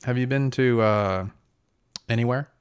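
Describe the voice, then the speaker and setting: A man's voice: mid-range voice, a little slow, clear, resonant tone. Wry, teasing man hosting a podcast. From Pennsylvania. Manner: wry, teasing, swears freely. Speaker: podcast host. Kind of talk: casual chat. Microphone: studio mic with foam cover.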